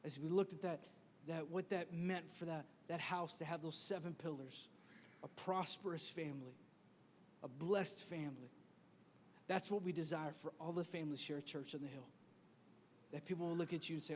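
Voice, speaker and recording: A man's voice: fairly high pitch, moderate pace, pauses often, slight background noise. A male pastor preaching a sermon with energy, using comic stories and repeated exhortations, in a church auditorium. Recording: echoey church hall.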